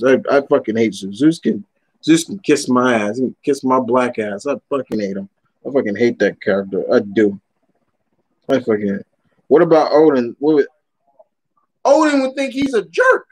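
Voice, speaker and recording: A man's voice: medium pitch, very animated, normal speed, low-quality recording. A young man ranting bluntly and with animation while chatting casually on a live stream, swearing often as he answers viewers' questions.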